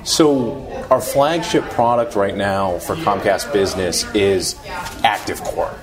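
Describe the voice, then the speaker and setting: Low-voiced male sales manager explaining. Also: animated, unhurried, music in the background. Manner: explanatory, eager. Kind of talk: explaining technology. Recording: busy store crowd noise. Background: crowd chatter.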